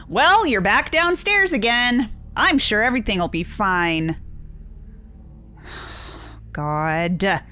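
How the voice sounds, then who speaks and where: A woman's voice: mid-range voice, animated, drawn-out words, long pauses, sharp tone, a little hiss or hum. A young woman streaming, reading a horror text game aloud and reacting with yelps, swears and nervous laughs.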